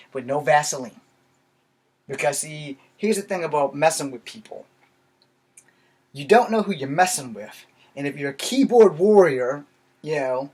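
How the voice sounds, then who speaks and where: A man from Virginia talking straight to his viewers in a rambling, profane rant, blunt and heated. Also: on the high side. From Virginia, USA. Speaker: vlogger. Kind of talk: casual ranting monologue.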